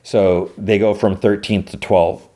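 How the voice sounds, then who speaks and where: A man with a lowish, dark, mellow voice talks through an episode for his podcast. He tells it loosely, full of "like" and half-acted quotes, in an easygoing conversational way. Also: level tone, a little slow. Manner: retells scenes with loose quoted lines, many "like" fillers. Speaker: podcast host. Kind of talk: casual episode recap.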